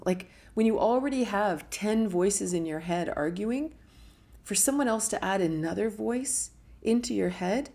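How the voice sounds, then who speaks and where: A woman's voice: mid-range voice, darkish tone. A middle-aged woman hosting a live question and answer session, talking candidly and emotionally and acting out quoted thoughts, sometimes in a whisper. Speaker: host answering viewer questions. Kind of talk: live Q&A talk.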